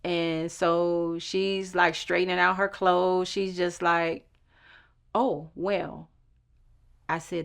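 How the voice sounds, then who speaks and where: A woman's voice: lowish voice, level tone, slow pace, vocal fry, fairly bright tone, clear, resonant tone. A woman telling her own story with intense emotion, acting out the dialogue. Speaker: storyteller recounting her own court case. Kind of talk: personal storytelling.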